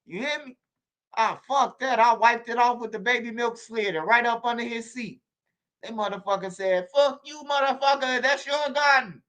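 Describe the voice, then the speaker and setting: Animated man telling stories. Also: very high-pitched, normal speed. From Chicago. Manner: animated, slangy, repeats himself and stammers on restarts. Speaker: channel host on a livestream. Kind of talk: casual storytelling to viewers.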